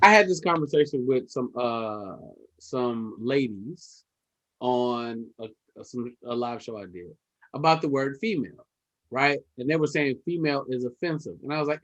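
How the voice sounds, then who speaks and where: A man co-hosting a comedy podcast in casual chat, acting out quotes in loud voices. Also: a little high, expressive, moderate pace, poor audio. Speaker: podcast co-host.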